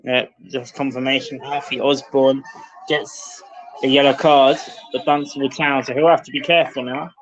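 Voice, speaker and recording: Under floodlights at an outdoor ground, a man narrates a football match live for his club's stream, calling out players and lifting his voice with the action. He speaks at normal speed in a medium, level, slightly bright voice, and the livestream sound is dull and lo-fi.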